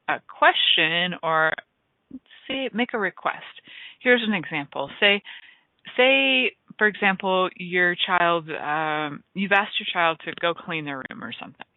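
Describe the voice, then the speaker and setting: A woman's voice: fairly low pitch, dry recording. A woman hosting a radio talk show, chatting in a rambling, enthusiastic way that often trails off and restarts. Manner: rambling, enthusiastic, self-interrupting. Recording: tinny phone-like line, dry.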